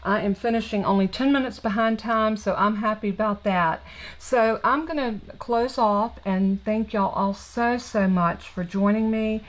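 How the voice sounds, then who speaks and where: A woman's voice: mid-range voice, a little slow, rough recording. A woman with a Southern US accent, hosting a live card-making stream in a chatty, rambling way from her home craft room. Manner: chatty, warm, rambling with fillers and restarts. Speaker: craft channel host. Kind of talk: casual live-stream chat.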